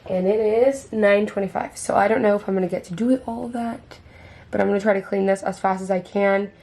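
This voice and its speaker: A woman's voice: mid-range voice, fairly even intonation, brisk, vocal fry, warm tone. A woman in her twenties chatting casually to her camera at home, bubbly and full of fillers. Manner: chatty, bubbly, heavy use of "like". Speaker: vlogger. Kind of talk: casual vlog chat. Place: at home, indoors.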